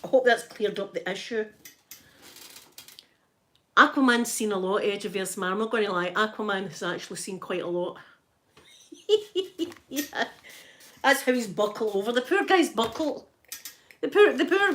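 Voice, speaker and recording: A Scottish woman rambles through a casual live chat from home, calling out to her viewers by name. Her voice sits slightly higher than most, and she laughs often between stories. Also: moderate pace, a bit bright, slight background noise. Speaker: livestreamer chatting to viewers. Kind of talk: casual live-stream chat while ironing.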